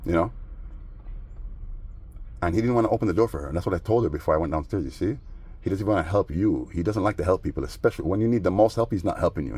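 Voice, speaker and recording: Dude with a lowish voice rambling on about his neighbors, slangy, lots of "you know what i mean". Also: husky. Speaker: vlogger. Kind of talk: casual storytelling vlog.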